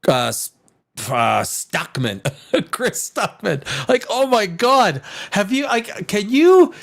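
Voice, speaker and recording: A man hosting a live stream in casual chat, rambling and profane, with many restarts. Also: medium pitch. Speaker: live show host.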